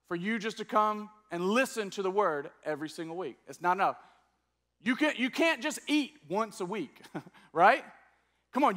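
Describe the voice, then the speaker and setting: A man preaching a teaching sermon to a church congregation, energetic and coaxing them to join in. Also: extremely high pitch. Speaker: pastor. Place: church service before a congregation.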